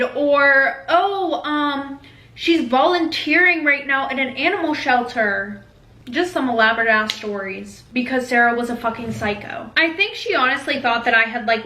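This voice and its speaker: Bright-voiced young woman telling a storytime. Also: fairly high pitch. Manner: candid and animated, swears freely. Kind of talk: casual storytime. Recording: roomy echo.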